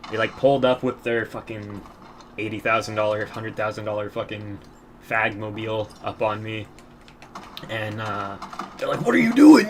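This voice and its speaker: Young man, lowish voice, crude and profane, rambling gameplay commentary, faint background noise. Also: fairly bright tone. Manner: crude, profane, rambling storytelling with frequent laughs.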